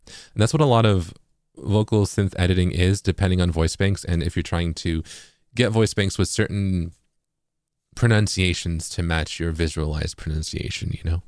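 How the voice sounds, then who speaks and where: A man with an East Coast accent giving a casual tutorial, relaxed and full of fillers, sounding words out as examples. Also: low voice, normal speed, no echo, studio quality. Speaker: music producer and streamer.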